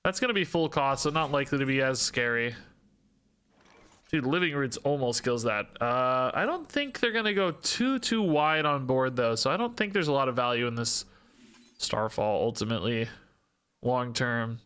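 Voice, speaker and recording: A man's voice: medium pitch, expressive, moderate pace, fairly bright tone, clear, resonant tone. A man streaming a card game, thinking aloud, questioning himself and joking between plays. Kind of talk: live-stream gameplay commentary.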